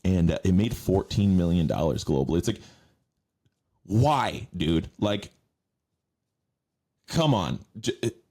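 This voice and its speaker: A man's voice: sits low, lively intonation, takes it slowly, long pauses, darkish tone. A man hosting a podcast in casual, rambling, profane chat full of fillers. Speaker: podcast host.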